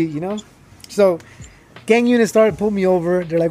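A man's voice: high-pitched, steady tone, normal speed, a little mellow, a little hiss or hum. A young man telling his own life story in casual, rambling talk, full of fillers and restarts, growing heated as he goes.

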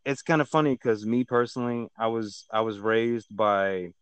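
A man's voice: fairly low pitch, normal speed, clear, resonant tone, dry recording. A man in casual chat, speaking hesitantly with many restarts and fillers.

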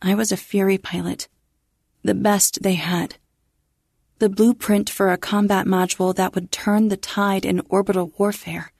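A woman narrating a first-person science fiction story in a measured, restrained way. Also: mid-range voice, flat delivery, vocal fry, darkish tone, breathy edge, dry recording, studio quality.

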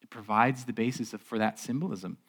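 A man preaching a sermon as a pastor in a relaxed, conversational way. He often repeats a word as he goes and asks the congregation rhetorical questions. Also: on the low side, brisk, slightly rough. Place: church stage.

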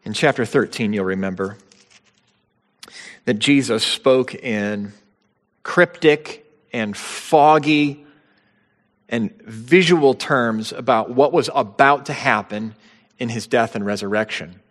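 Male pastor, sermon delivery, earnest and emphatic, middle pitch, long hall reverb. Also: takes it slowly, long pauses. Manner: earnest, emphatic preaching with rising stresses.

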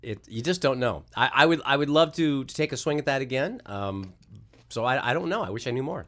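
A voice actor guest in casual chat, a man answering questions in a relaxed, thoughtful way with frequent restarts. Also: mid-range voice, fairly quick.

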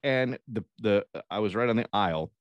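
A man's voice: on the low side, normal speed, no room sound, lo-fi sound. A man co-hosting a podcast, telling rambling, profane stories in casual chat and acting out the people in them. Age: adult parent. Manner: rambling, profane storytelling with acted-out quotes. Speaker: podcast co-host.

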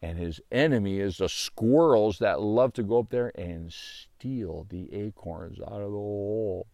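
A man voicing a patient, folksy lumberjack who explains things slowly to a child. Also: on the low side, mellow, no echo, clean studio sound. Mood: hushed. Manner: slow, drawn-out explaining. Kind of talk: storytelling voice acting.

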